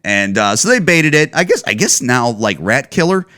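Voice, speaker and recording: A man from Chicago hosting a comedy podcast, ranting in a profane, animated storytelling manner. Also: mid-range voice, moderate pace. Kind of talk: casual comedic rant.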